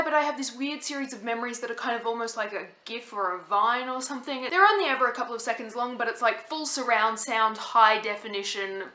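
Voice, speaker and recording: Aussie lady rattling off a vlog, bright high voice, echoey room. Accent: Australian. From Australia. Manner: fast-talking, chatty, lots of "like". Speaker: vlogger. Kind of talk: casual chat to camera.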